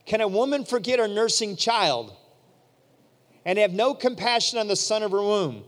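Animated preaching man, high voice. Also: moderate pace. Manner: animated, acts out quoted voices. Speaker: pastor. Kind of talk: storytelling sermon. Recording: long hall reverb.

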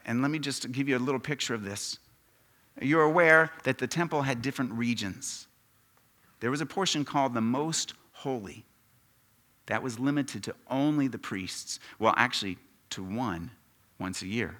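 A male pastor delivers a sermon in a bright, forward voice at an ordinary middle pitch. He drops to hushed asides, then climbs to loud, emphatic peaks. He often turns questions to his congregation. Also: moderate pace. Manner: preaching with big swings from quiet to loud, asks the congregation questions.

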